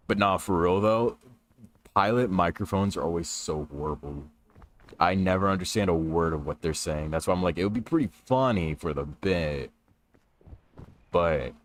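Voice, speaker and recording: A man's voice: deep voice, moderate pace, pauses often, slight background noise. A young man chatting casually with viewers on a gaming livestream from his room, laid-back and talkative, greeting people as he plays. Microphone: stream microphone.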